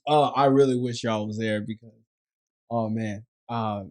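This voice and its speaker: A man's voice: fairly low pitch, steady tone, a little slow, a little mellow. A man hosting a podcast, telling a story in casual chat and laughing often as he goes. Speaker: podcast host.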